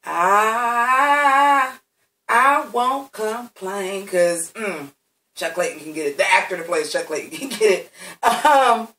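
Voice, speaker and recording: A man's voice: very high-pitched, sharp tone, roomy sound, far from the mic, low-quality recording. A man giving a blunt, heavily profane recap of a TV episode, talking straight to his viewers. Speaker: TV recap reviewer.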